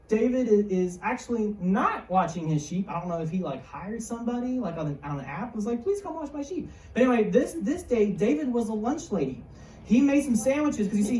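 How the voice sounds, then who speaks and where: A woman youth speaker gives a casual sermon to young people in a church hall, jokey, chatty and full of slang. Her voice is mid-range with a dark tone. The mic sits far off in a roomy hall.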